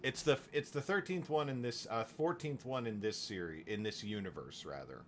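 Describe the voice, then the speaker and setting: A man talking casually while streaming his writing session, rambling with restarts and quick asides. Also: medium pitch, a little hiss or hum. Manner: rambling, with frequent restarts and chuckles. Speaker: novelist livestreaming his writing. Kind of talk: casual livestream chat.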